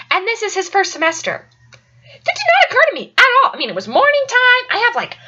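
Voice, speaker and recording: A woman's voice: extremely high pitch, bright, forceful tone, highs cut off. A young woman telling a casual personal story in a chatty, rambling way with lots of fillers. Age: young adult. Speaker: college student storyteller.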